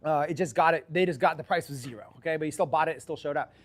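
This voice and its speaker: A man coaching viewers on sales scripts in an office, in an energetic, chatty, salesy way. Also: on the high side, very fast.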